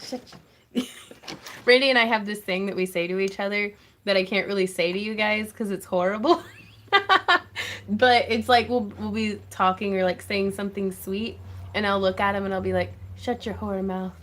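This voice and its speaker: A woman's voice: mid-range voice, fairly even intonation, moderate pace, a bit bright. A woman hosting a casual craft livestream, chatting to viewers in a gushing, effusive way and laughing often. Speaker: craft channel host.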